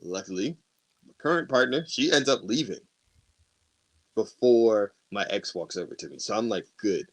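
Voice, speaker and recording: A man's voice: lowish voice, animated, moderate pace, pauses often. A man co-hosting a podcast, telling a story in casual chat with lots of profanity and laughter. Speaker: podcast co-host.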